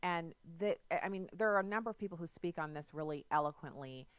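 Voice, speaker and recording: Low, smooth-voiced talk radio hostess. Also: female voice, quick pace, no echo. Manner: conversational, retells stories with asides. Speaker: radio talk show host. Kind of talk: political talk radio commentary.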